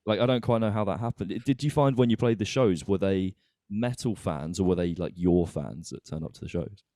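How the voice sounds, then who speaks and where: A man's voice: deep voice, a little fast, dark tone, dry recording, studio quality. A man hosting a podcast, asking questions in a rambling way that often trails off and restarts. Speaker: podcast host. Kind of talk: casual podcast chat.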